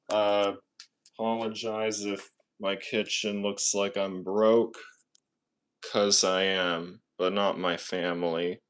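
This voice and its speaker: A man talks into his phone camera in his home kitchen, his voice sitting on the low side. He speaks slowly and loosely, drifting between asides and repeating himself in a casual livestream ramble. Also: level tone, low-quality recording. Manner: rambling, repeats phrases, self-conscious asides. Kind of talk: casual livestream chat while cooking.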